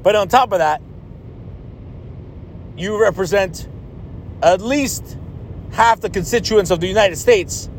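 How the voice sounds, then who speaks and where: A man's voice: sits high, takes it slowly, long pauses, slight background noise. A man hosting a podcast, delivering a blunt, profane, exasperated rant. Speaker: podcast host. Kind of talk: ranting podcast monologue.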